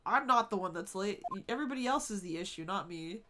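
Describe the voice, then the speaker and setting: A woman's voice: medium pitch, animated, fast talker, sharp tone, slight background noise. A woman streaming live, chatting casually with her viewers, swearing freely and laughing often.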